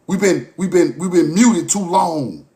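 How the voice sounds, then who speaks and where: Slightly slow in pace, a man with a high voice delivers an impassioned monologue to camera, full of profanity and repeated phrases. His delivery swings from forceful and loud to low and muttered.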